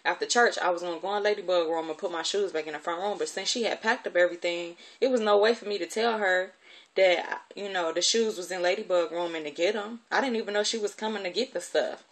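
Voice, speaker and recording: A woman's voice: on the low side, fast talker. A woman telling a personal story from her childhood in a candid, conversational way, with plenty of profanity.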